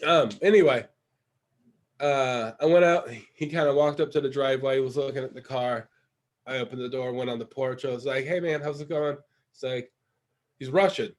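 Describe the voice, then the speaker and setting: A man hosting a casual podcast chat, telling a story in an animated way and laughing often. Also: mid-range voice, moderate pace. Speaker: podcast host.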